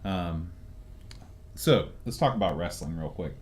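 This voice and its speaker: A man co-hosting a retro gaming podcast in relaxed casual chat, asking questions and agreeing often. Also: low voice, unhurried. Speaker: podcast co-host.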